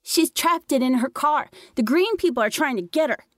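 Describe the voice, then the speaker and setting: A woman's voice: sits high, expressive, moderate pace, dry recording, studio quality, pitched above the performer's own voice. A woman voicing a frantic six-year-old boy who shrieks and pleads for help. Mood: panicked pleading.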